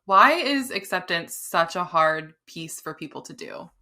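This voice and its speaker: A woman with a very low, bright-toned voice hosts a podcast interview. She affirms what her guest says and asks reflective questions. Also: lively intonation, measured pace. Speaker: podcast host.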